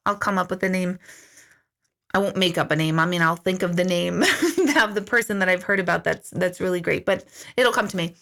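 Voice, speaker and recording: A middle-aged woman hosting a casual live-stream Q&A as an intuitive, chatty and storytelling, acting out her own remarks in lively asides. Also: on the low side, a little fast, vocal fry. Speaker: intuitive medium answering viewer questions.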